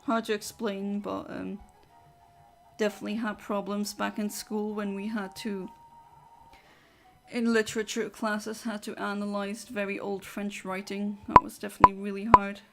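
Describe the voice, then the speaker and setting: A woman's voice: mid-range voice, little pitch movement, unhurried, soft background music. A woman chatting casually with her viewers during a game livestream, rambling and answering chat. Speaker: streamer.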